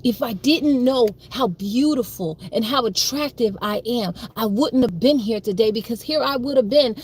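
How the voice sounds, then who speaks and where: A woman's voice: a little high, moderate pace, breathy edge. A young woman telling a personal story on a livestream, emphatic and repetitive, with frequent swearing. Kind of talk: livestream monologue.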